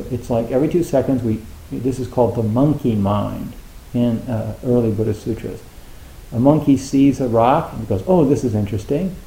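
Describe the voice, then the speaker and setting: Male Zen teacher, relaxed warm tone, chatty dharma talk with many fillers, echoey room. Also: mid-range voice. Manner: conversational, acts out students' thoughts, many fillers.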